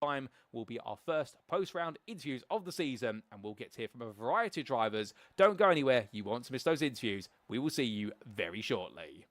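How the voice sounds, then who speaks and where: A man's voice: mid-range voice, very animated, a little fast, hardly any pauses, fairly bright tone, no room sound. A man presenting a sim racing league broadcast and interviewing drivers after the race in a polished, upbeat way.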